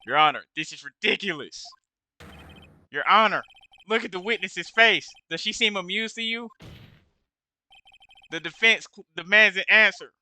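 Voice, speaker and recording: Dude reading as a young defense lawyer, bright crisp voice, pushy and accusing. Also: male voice, fairly low pitch, normal speed, pauses often, no echo, pitched below the performer's own voice. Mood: forceful. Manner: pointed, demanding.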